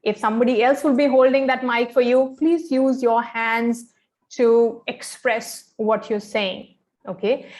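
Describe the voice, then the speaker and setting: A woman's voice: fairly high pitch, a little mellow. Woman coaching pageant contestants. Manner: instructive, friendly, frequent "okay" and fillers. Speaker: pageant fashion and grooming coach. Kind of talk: training session talk.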